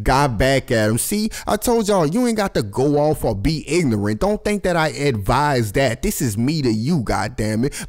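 A young man hosting his own vlog, talking casually to his audience and swearing freely, with his voice jumping up high when he gets worked up. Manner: animated, swears constantly, jumps high in pitch for emphasis. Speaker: vlogger host. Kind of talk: casual profane commentary to camera.

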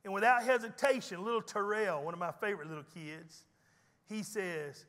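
Bright-voiced high pastor preaching. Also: male voice, moderate pace, in a large hall. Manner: folksy storytelling preacher with teasing humor. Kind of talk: sermon. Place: church sanctuary.

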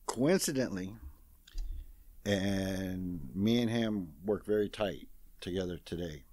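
Slow and low, his voice a little mellow, a man in his sixties retells a story as an interview guest, recorded with no echo. He keeps it casual and plain-spoken, a folksy telling full of "I says," and acts out others' lines in quoted dialogue.

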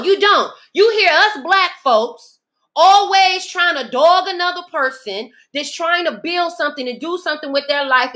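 A woman's voice: high-pitched, fairly bright tone. A woman hosting a podcast, delivering an emphatic, preachy motivational monologue. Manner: emphatic, preachy, speaks in dialect, mimics others in asides. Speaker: podcast host.

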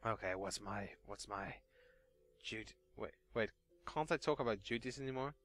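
A man's voice: lowish voice, normal speed, a bit bright, faint music behind. A man giving sweary, sardonic, rambling commentary while playing a video game. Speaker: let's play host. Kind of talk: casual gameplay commentary.

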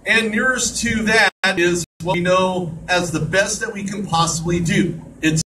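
A man's voice: high-pitched, fairly even intonation, unhurried. A man hosting an online radio show, talking in a chatty monologue with joking asides. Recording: distant mic with clear background noise.

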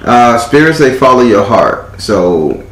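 A man's voice: medium pitch, sing-song, measured pace, roomy sound, poor audio. A man doing a live tarot reading in a theatrical, teasing way, swearing freely as he talks to a client. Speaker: tarot reader.

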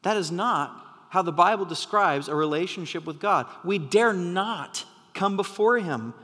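A man preaching a sermon as pastor, passionate and sometimes yelling to drive a point home. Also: high-pitched, expressive, unhurried, husky, long reverb tail. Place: church hall.

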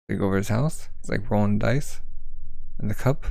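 A man's voice: on the low side, fairly quick, creaky, a little mellow, dry recording. Man casually reading a manga aloud. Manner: rambling, filled with "like" and asides. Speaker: comic reader. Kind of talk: casual read-along of a manga.

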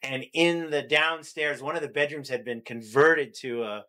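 A man hosting a casual interview, curious and quick to jump in with questions. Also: mid-range voice, fairly even intonation, pushed and bright. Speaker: podcast host.

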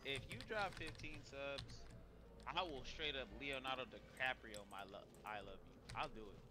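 A man's voice: medium pitch, normal speed, music in the background. A young man playing a game with a friend, joking, swearing and laughing a lot. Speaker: co-player. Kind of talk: casual gaming chat.

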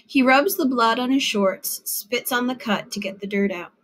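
A woman narrating a literary short story in a measured storytelling manner with lively phrasing. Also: on the high side. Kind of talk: literary fiction reading.

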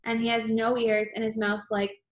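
An exasperated middle-school boy who argues insistently with his mother, as a woman reads his lines. The voice sits a little high and the recording is roomy. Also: monotone, moderate pace, natural voice. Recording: roomy echo.

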